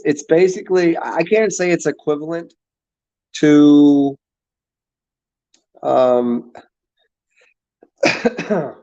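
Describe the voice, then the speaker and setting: A man chatting casually to his viewers, halting and repeating words, often restarting his sentences and swearing now and then. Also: medium pitch, warm tone. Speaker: streamer answering chat. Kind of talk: casual rambling chat. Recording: dull lo-fi sound.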